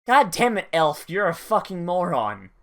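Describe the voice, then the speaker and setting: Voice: mid-range voice, very animated, normal speed, fairly bright tone. A YouTuber giving casual, sarcastic commentary while watching an anime, swearing often and trailing off mid-sentence.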